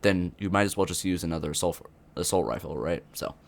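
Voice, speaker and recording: A man's voice: deep voice, quick pace, creaky. A young man giving unscripted commentary on a video game update, rambling with many fillers and restarts. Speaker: gaming youtuber.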